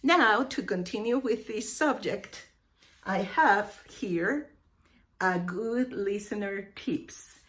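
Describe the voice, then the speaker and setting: A woman teaches English at a very slow, careful pace. She says each phrase deliberately and repeats it so her learners can follow. Her pitch sits in an ordinary middle range. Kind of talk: online English lesson.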